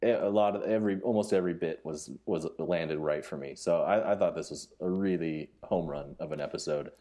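A man co-hosting a podcast, chatting casually and haltingly with frequent restarts and fillers. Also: deep voice, dark tone. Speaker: podcast co-host. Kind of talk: casual chat.

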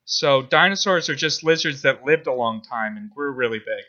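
A man's voice: mid-range voice, moderate pace, sharp tone, highs cut off. A man co-hosting a podcast in casual chat, hesitant, with many fillers and restarts. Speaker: podcast co-host.

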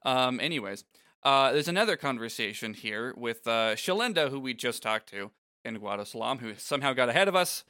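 A man's voice: mid-range voice, animated, brisk, pushed and bright, no echo, clean studio sound. A man co-hosting a podcast, chatting casually and a little hesitantly about a video game. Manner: rambling, hesitant, with many fillers. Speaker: podcast co-host.

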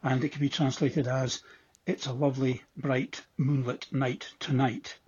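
A Scottish man leaving a casual voice message for a show, explaining at an unhurried pace with plenty of ums and modest asides. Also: mid-range voice, steady tone, a little mellow, slightly rough, lo-fi sound. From Scotland. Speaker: listener sending a voice message.

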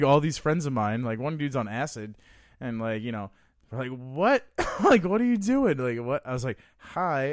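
A man's voice: on the low side, no echo, clean studio sound. A man, a podcast guest, telling a crude story in casual chat and laughing along as he goes.

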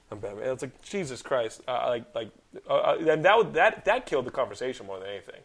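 A man in his thirties hosting a podcast, telling stories in casual chat with lots of swearing and animated outbursts. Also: mid-range voice, fast, vocal fry. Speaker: podcast host.

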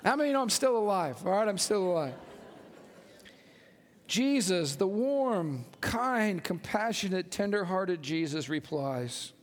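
Brief: high-pitched male pastor, animated sermon, long church reverb. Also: a little slow. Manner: animated, joking, calls out to congregation.

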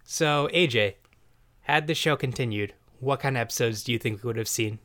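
A man's voice: medium pitch, a little fast, fairly bright tone, soft background music. A man hosting a podcast in casual chat, joking around and laughing often. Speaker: podcast host.

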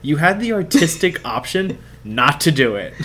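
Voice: medium pitch, sing-song, moderate pace, a bit bright. A podcast co-host in casual chat, wry and joking. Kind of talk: casual chat reviewing an audiobook.

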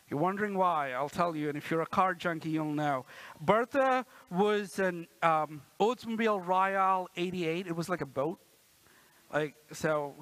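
A man in his thirties delivers a sermon with a bright, ringing tone and a fairly high voice. He keeps it conversational and playful, checking in with the congregation as he goes. The sound is close and dry. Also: no room sound, poor audio. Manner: playful, acts out quotes with a raised voice. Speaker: pastor. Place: church.

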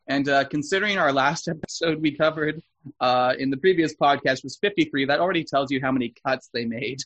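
A man's voice: mid-range voice, fairly quick, a bit bright, dull audio. A man co-hosting a casual podcast who steers the talk and often stammers as he restarts sentences. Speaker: podcast co-host.

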